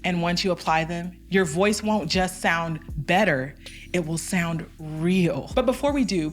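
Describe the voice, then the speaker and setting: A woman vocal coach giving an online singing lesson, talking straight to the viewer in an upbeat, direct way. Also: medium pitch.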